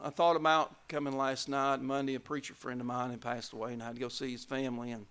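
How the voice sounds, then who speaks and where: A man preaching a revival sermon, telling stories and building to loud climaxes. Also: mid-range voice, level tone, quick pace, clear, resonant tone.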